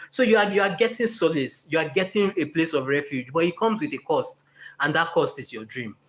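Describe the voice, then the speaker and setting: A man speaking on a motivational live session with an unusually high voice for a man. He is earnest and animated and slips in playful asides to keep his audience with him.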